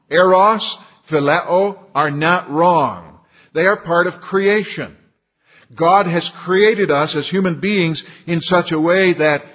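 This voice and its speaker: Preaching from the pulpit, a man whose voice sits somewhat high and a bit bright for a man speaks in a measured way. He often repeats key phrases to drive them home.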